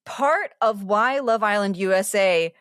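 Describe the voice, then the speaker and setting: A woman, a TV critic and podcast co-host, explaining a show in animated casual chat, full of asides and restarts. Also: medium pitch, a little slow, clear, resonant tone, dry recording, studio quality.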